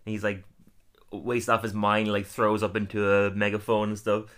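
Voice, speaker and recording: A man's voice: on the low side, flat delivery, moderate pace, a bit bright. A man casually recapping cartoon episodes for a podcast, laughing often and throwing in lots of fillers. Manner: chatty, laughs often, many fillers, acts out quotes. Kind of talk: casual chat.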